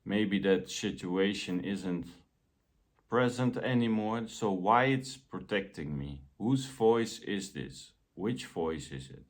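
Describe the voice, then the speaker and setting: A man giving a motivational self-help talk in a gentle, deliberate way. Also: lowish voice, lively intonation.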